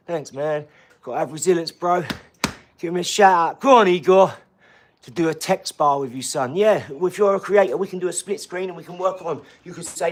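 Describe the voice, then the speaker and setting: A man chats to his live-stream audience in a loose, slangy way, calling out to viewers as he goes. His voice sits a little higher than most men's. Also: brisk, a little hiss or hum. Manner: chatty and slangy, talking straight to the chat. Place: garage gym.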